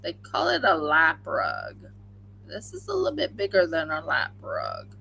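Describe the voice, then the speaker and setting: A woman's voice: deep voice, huge pitch swings, unhurried, vocal fry, sharp tone, slight background noise, low-quality recording. A woman hosting a crafting livestream, chatting casually and rambling with many fillers while she crochets at home.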